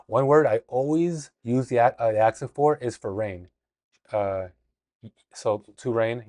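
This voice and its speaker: A man hosting a casual language lesson video, talking in a relaxed way with fillers and restarts. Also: mid-range voice, a little slow, no room sound, clean studio sound. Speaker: language teacher.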